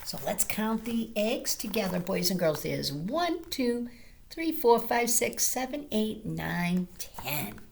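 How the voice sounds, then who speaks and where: A woman teacher reading a picture book aloud to young children in a gentle, sing-song way, speaking to them directly. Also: mid-range voice, sing-song, slow pace, gravelly, a little hiss or hum. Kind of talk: children's storytime read-aloud.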